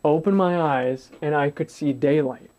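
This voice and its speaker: A man's voice: fairly high pitch, unhurried, a little mellow. A man in his twenties telling a personal story to camera in a blunt, profane way, acting out what others said. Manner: blunt and profane, swears freely, acts out dialogue. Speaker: vlogger.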